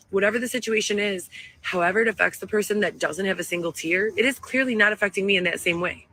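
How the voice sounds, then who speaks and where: A woman's voice: mid-range voice, a little fast, sharp tone, rough recording. A woman talking in a wandering, emotional and self-righteous way, in a clip played back. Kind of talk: rambling monologue. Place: outdoors, living in a tent.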